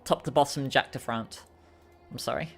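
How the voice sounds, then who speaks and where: A woman streamer with a naturally low voice, chatting self-consciously with many fillers while recording lines. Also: moderate pace, creaky, faint music behind.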